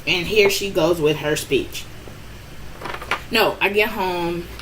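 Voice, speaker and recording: A woman telling a personal story in a casual storytime vlog, animated and rambling with many restarts, her voice jumping up when she relives the frustration. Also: lowish voice, slow, background noise. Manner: rambling with frequent restarts and "I'm like".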